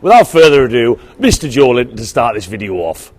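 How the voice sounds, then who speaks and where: Chatty football fan vlogging outside. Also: male voice, medium pitch, big pitch swings, brisk, a little mellow. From England. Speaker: vlog host. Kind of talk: matchday vlog. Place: outdoors on city streets.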